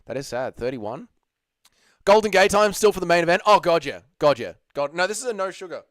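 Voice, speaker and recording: An Australian man hosting a livestream, hungover and low on energy, chatting casually, swearing, and reading viewer messages. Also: sing-song, brisk, a bit bright, dry recording, clean studio sound. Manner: laid-back, sweary, laughs easily. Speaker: livestream host.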